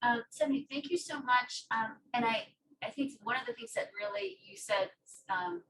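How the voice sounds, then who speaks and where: A woman with a fairly high, bright voice moderates a panel in a chatty way, often pausing on ums. She sounds somewhat far from the mic, with a faint hiss behind her. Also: animated. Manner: conversational, with frequent fillers. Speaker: moderator and course instructor. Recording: distant mic with faint noise.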